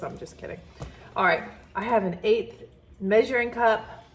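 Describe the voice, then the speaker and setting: A woman's voice: medium pitch, slight background noise. Chatty woman with a morning voice. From Southern US. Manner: chatty and friendly, laughing often. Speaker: vlogger. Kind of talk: casual chat to camera. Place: farmhouse kitchen.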